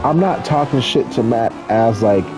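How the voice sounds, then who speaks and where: A man's voice: mid-range voice, normal speed, music in the background. A man from California, a drift driver, telling rambling, profane stories in casual chat while gaming.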